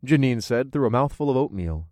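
A man reading a first-person audiobook in a steady, easygoing storytelling manner. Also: mid-range voice, fairly quick, dry recording, clean studio sound. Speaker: audiobook narrator.

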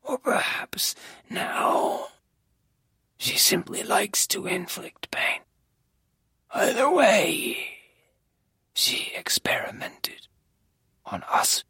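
A reader voicing a broken, guilt-ridden young man who was held captive, in a whispered role-play, hushed, halting and grave. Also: medium pitch, expressive, breathy edge, no echo, voice pushed up, full character voice. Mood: haunted whisper.

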